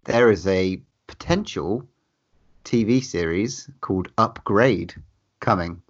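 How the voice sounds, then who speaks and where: Man, around forty, podcast co-host, casual and sweary, enthusiastic, low voice, dull lo-fi audio. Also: slow pace. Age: about 40. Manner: swears freely, laughs often, enthusiastic. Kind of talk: casual chat about horror films and news.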